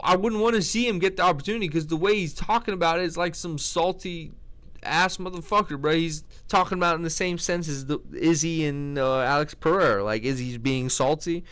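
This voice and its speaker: A man's voice: a little high, a little fast, a bit bright, clean tone. A man giving blunt, slangy, opinionated commentary in a casual chat, often restarting his sentences. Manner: blunt, slangy, trash-talking, with lots of restarts. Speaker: MMA commentator ranking fighters.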